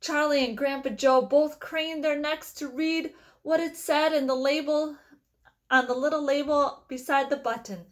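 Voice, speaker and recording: A woman reading a children's novel aloud with expressive storytelling. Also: sits high, measured pace. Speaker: reader.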